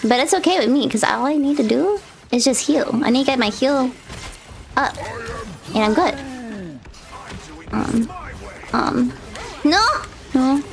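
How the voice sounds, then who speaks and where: High-pitched excitable woman streaming a game. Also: measured pace, creaky, long pauses. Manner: excitable, squealing and laughing during play. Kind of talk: live gameplay stream chatter. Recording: game music behind. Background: game music and sounds.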